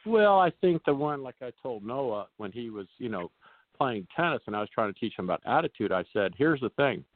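A male tennis coach, a guest on a radio show, telling stories in a folksy, animated way and acting out the players he quotes. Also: medium pitch, a little fast, dry recording. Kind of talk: radio interview storytelling. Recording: dry tinny phone line.

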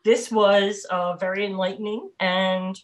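A woman hosting a spiritual talk show, chatting casually and telling animated stories with frequent laughter. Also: mid-range voice, unhurried. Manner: animated storyteller, laughs often. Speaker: host. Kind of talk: casual chat.

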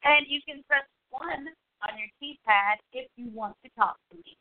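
A woman's voice: sits high, moderate pace. A woman talk show host telling a funny work story in a chatty way, laughing at herself. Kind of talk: casual storytelling. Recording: tinny phone line.

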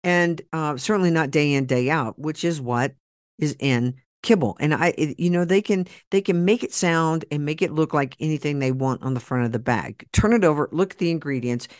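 A man's voice: a little high, moderate pace, no room sound. Man, Oklahoma accent, podcast host, blunt, folksy, rambling, dry recording. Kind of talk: casual chat with a guest, then a sponsor plug.

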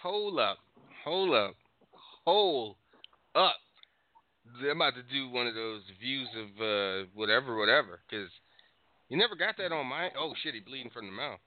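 A man co-hosts a casual call-in show, ranting with profanity and bursts of laughter. His pitch leaps around as he talks. The sound is tinny and narrow like a phone line, and dry with no room echo. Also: expressive, brisk. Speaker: podcast co-host.

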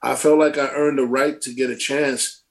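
A man's voice: medium pitch, fairly even intonation, normal speed, creaky. A middle-aged man, a former pro ballplayer, telling stories casually in an interview, acting out quotes and swearing freely. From Brooklyn, New York. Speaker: former pro baseball player, guest.

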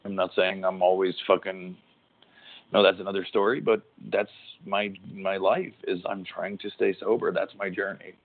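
A deep-voiced middle-aged man chats casually on a podcast. He rambles, swears often and breaks off mid-thought. The audio is narrow and tinny, like a phone call. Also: flat delivery, moderate pace. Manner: rambling, profane, restarts mid-sentence. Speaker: podcast host, former pro wrestler. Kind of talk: casual chat.

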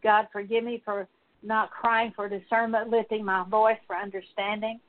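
The recording is tinny and phone-like as a woman, acting as minister, prays aloud. Her mid-range voice keeps a moderate pace through a prayer of confession built as a steady litany of repeated petitions.

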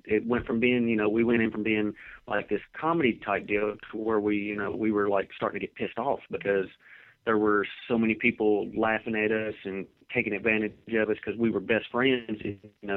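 A man with a somewhat low voice tells long, laid-back anecdotes in a casual interview. He comes through a narrow, phone-like line. The sound is dry and close, with no room around it. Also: no echo. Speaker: professional wrestler guest.

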